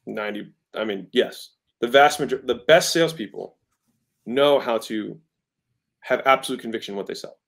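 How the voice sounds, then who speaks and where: At a moderate pace, the guest entrepreneur speaks in a medium-pitched, gravelly, slightly bright voice while teaching sales in a casual interview. He emphasizes points, repeatedly asks "right?", and mimics tones of voice to illustrate them.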